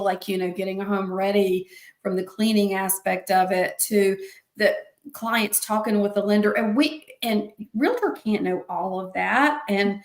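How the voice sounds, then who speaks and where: A woman hosting an interview, reacting to her guest and then reflecting on what she heard. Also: medium pitch. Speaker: host. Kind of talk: interview chat. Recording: roomy echo.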